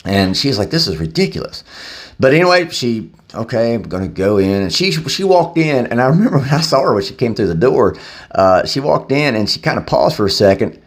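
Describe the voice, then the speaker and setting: A man's voice: mid-range voice, animated, a little fast. A man speaking casually to camera, telling a recovery story loosely, with many fillers. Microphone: handheld camera.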